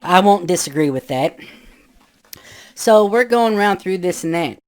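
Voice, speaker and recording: A man in his fifties telling a spooky true story in a loose, rambling way, full of "you know" asides, sometimes shouting out what others said. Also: high-pitched, lively intonation, normal speed. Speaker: guest storyteller. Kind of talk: casual spoken ghost story.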